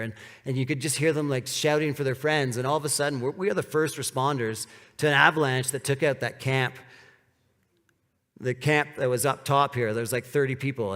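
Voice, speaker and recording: A man's voice: mid-range voice, a bit bright. A man giving a live storytelling talk to an audience. He speaks casually, with lots of "like" fillers, and acts out the quoted dialogue. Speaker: presenter at a speaker series. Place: event venue with audience. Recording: long reverb of a large hall.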